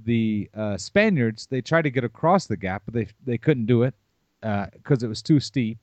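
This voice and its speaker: A man's voice: mid-range voice, lively intonation, moderate pace, darkish tone, no room sound. A man hosting a casual podcast chat, musing aloud and throwing questions at his co-host in a loose, conversational way.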